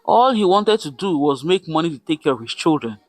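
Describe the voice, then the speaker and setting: A man's voice: on the high side, sing-song, fairly quick, no room sound, soft background music. A man telling a folktale dramatically, repeating words for effect. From Nigeria. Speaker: storyteller. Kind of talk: folktale narration.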